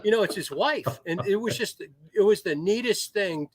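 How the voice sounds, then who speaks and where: A middle-aged American man, a retired Marine officer, telling anecdotes as a podcast guest with lively swings in his voice. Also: high voice, moderate pace, husky, no room sound. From United States. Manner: animated storyteller, swings into raised voice.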